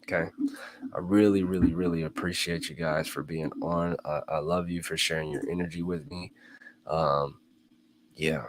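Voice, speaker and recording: A man with a very deep, low voice delivers a casual motivational talk. He repeats his key phrases for emphasis and keeps addressing his listeners as y'all. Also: fairly even intonation, normal speed, very noisy. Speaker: host.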